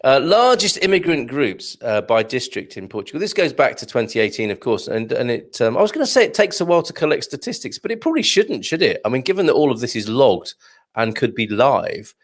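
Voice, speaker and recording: A man's voice: medium pitch, very animated, brisk. Male host, conversational and wry, ordinary mid-range voice, reads and comments on news. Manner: wry, chatty, musing aloud. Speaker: show host. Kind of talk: live show commentary on news.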